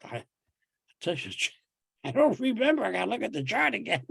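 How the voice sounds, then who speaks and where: A man's voice: high-pitched, very animated, moderate pace, gravelly, a bit bright, husky, no room sound, clean studio sound. A man in his eighties from New York, telling stories in casual conversation, rambling with restarts and laughs. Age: 80s. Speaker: podcast guest sharing his experience.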